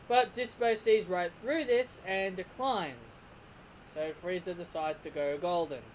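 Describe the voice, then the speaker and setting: A man's voice: sits high, measured pace, a little hiss or hum, low-quality recording. A man giving a casual spoken review of an anime episode, rambling, restarting his sentences and laughing often. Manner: rambling, frequent restarts and repeats.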